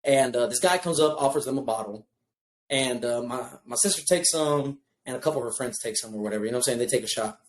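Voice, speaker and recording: A man telling a story in casual podcast chat, profane and animated. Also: a little high, fast. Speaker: podcast co-host.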